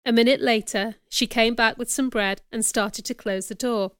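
A woman narrating a story in the first person, reading in a clear, measured way. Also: a little high, steady tone, fairly bright tone, no echo, studio quality. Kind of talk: scripted audiobook narration.

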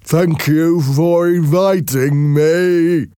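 Timid young man, halting and earnest, high and slow; male narrator voicing him. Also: fairly even intonation, mellow, smooth, dry recording, studio quality. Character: timid, disfigured young man, gentle and anxious.

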